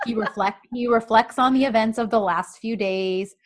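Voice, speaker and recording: A woman's voice: fairly high pitch, normal speed. Chatty woman recapping a show. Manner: chatty, animated retelling with acted-out quotes and laughs. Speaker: podcast co-host recapping a TV drama. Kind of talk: casual chat.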